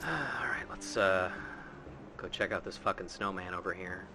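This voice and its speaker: A man's voice: low voice, normal speed, bright, forceful tone, faint music behind. A man hosting a casual game playthrough, sarcastic and swearing freely. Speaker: host reading game dialogue. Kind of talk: casual let's-play commentary.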